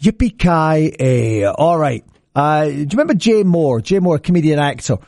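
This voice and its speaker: A man's voice: expressive, moderate pace, vocal fry, darkish tone, no echo, studio quality. A man hosting a morning radio show, chatting upbeat about traffic and an anecdote. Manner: upbeat, chatty, jumps around in pitch. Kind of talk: casual radio chat. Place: radio studio.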